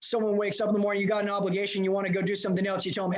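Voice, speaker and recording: High-voiced guy from LA hyping up a room, remote coaching talk, kinda muffled lo-fi audio. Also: racing. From Los Angeles. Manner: energetic, addresses audience directly. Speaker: leadership coach. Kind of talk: motivational seminar talk. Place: remote presentation to a live room. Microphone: video call.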